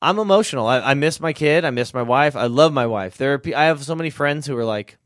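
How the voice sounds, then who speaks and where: A man's voice: mid-range voice, lively intonation, fast, no room sound, studio quality. A young man who is a podcast guest, telling a story in an earnest, self-deprecating, rambling way. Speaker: podcast guest, test rider. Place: studio.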